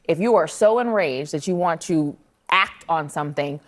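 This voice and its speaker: A woman speaks on a televised panel in a fairly low voice. She makes her case in a measured, earnest way. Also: slight background noise. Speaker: panel guest. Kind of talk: TV panel debate.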